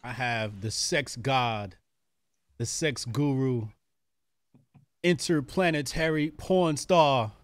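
A man's voice: mid-range voice, takes it slowly, long pauses, dry recording. Hyped, slangy male host. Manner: hyped, slangy, laughs often. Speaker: podcast host. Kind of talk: casual interview chat.

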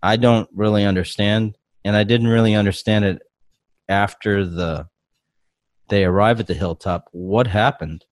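Man, podcast host, very low voice, rambling casual chat, dry close sound. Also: steady tone, normal speed, no room sound. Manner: rambling, hesitant recap with many fillers.

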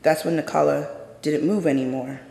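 A man performs a dramatic first-person story on stage, measured and intense, with deliberate pauses. His voice sits a little high with a gravelly edge. It rings through a large, reverberant theater. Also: steady tone, darkish tone. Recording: echoey hall with long reverb.

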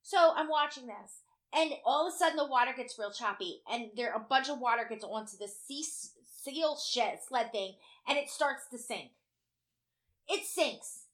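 A woman co-hosting a casual chat, telling an animated story with heavy swearing and acted-out quotes. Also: high-pitched, moderate pace.

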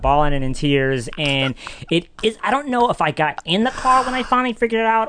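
A man, a podcast producer, telling a story in casual chat and acting out the voices in it. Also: mid-range voice. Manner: animated, acts out voices in his stories.

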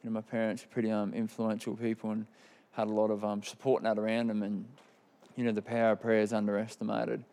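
A man in his thirties from Queensland, Australia, speaks with an Australian accent as he shares his personal testimony. His voice is fairly low, dark, and monotone, and he talks fast, rambling candidly with many fillers.

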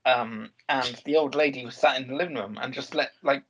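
A man's voice: mid-range voice, a little fast, a bit bright, breathy edge. A man co-hosting a podcast, telling stories in an easygoing casual chat. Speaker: podcast co-host. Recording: dull lo-fi sound.

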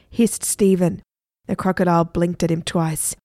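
A woman narrating a children's storybook with lively, expressive delivery. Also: fairly low pitch, moderate pace, dry recording, clean studio sound. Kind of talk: storybook reading.

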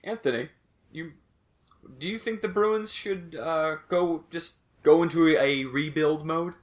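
A man's voice: a little high, unhurried. A young man hosting a casual sports podcast, rambling loosely and swearing now and then. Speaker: podcast host.

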